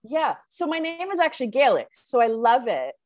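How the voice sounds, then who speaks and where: A woman's voice: high-pitched, big pitch swings, moderate pace, a little mellow. Frank, laughing Canadian woman. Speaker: guest, sexologist and psychotherapist. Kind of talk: casual interview chat.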